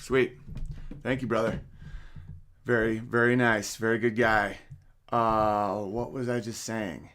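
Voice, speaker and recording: A man hosting a casual livestream, reading listener messages aloud with rambling, profane asides that swing from mumbles to loud bursts. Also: fairly low pitch, level tone, takes it slowly, pauses often.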